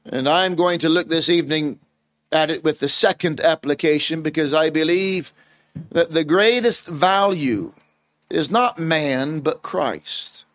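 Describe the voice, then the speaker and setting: A man's voice: a little high, measured pace, fairly bright tone, dry recording. A man preaching a sermon in an earnest, emphatic way, asking his listeners rhetorical questions.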